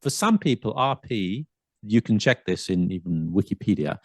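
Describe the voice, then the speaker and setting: A man's voice: on the low side, very animated, moderate pace, dry recording, studio quality. A man with a southern English accent and a touch of London, chatting animatedly about accents and mimicking them playfully. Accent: southern English, slight London. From south of England. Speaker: podcast host. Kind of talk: casual chat about accents.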